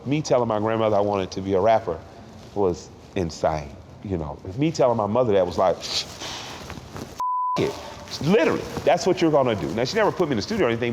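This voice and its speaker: A middle-aged man from Atlanta, talking candidly and emotionally in a sit-down interview, with halting restarts. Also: fairly low pitch, darkish tone. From Atlanta, Georgia. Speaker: interview guest. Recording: roomy hall with faint background noise.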